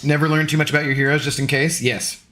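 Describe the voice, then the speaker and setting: A man's voice: fairly high pitch, flat delivery, quick pace, pushed and bright. A young adult man streaming, chatting casually with viewers in a rambling, easygoing, self-deprecating way. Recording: faint music underneath.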